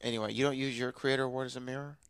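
A man's voice: mid-range voice, fairly even intonation, racing, fairly bright tone, clean tone, dry recording. A man hosting a podcast in casual chat, sounding nasal from allergies and playfully teasing his co-host. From Houston, Texas. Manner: playful, teasing, trails off into mumbles.

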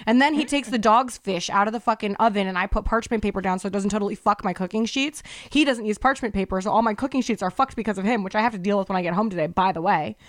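A woman co-hosting a podcast in casual chat, telling stories in an animated, profane, ranting way. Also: mid-range voice, fast talker, hardly any pauses, dry recording, clean studio sound. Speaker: podcast co-host.

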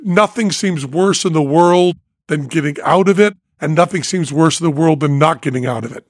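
An older man hosting a podcast, telling a story in a lively way, dropping quiet and then rising almost to shouting. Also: on the high side, moderate pace, dry recording, clean studio sound. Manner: animated, swings from quiet to near-shouting when acting out panic. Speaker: podcast host, magician and comedian.

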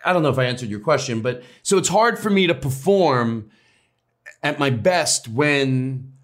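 A male comedian as an interview guest, talking in rambling, animated bursts with restarts and swearing. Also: medium pitch, normal speed. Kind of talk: casual interview chat.

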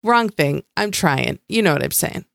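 A woman's voice: on the low side, lively intonation, normal speed, creaky, dry recording, studio quality. A woman co-hosting a casual podcast recap, blunt and sarcastic, swearing freely. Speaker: podcast co-host.

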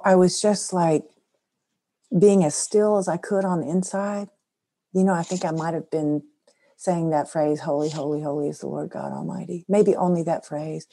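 Low-voiced middle-aged woman telling a story. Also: dark tone. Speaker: guest. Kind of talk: personal storytelling in conversation.

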